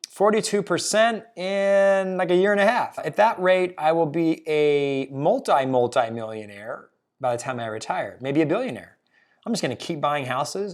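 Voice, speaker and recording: An upbeat man host at a middle pitch talks straight to camera in a casual solo talk. His delivery is emphatic and jokey, and it often swells with excitement. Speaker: blogger and video host.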